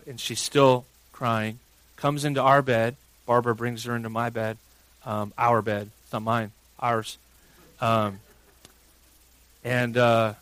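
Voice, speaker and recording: A man in his thirties, a pastor preaching a sermon and telling a family story with big swings from hushed to loud. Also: mid-range voice, no echo, low-quality recording.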